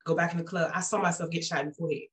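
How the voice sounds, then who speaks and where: Racing through her words, the woman gives her church testimony as a guest in a conversational, personal way. She's animated, voicing quotes with big pitch jumps, and her casual speech has frequent restarts.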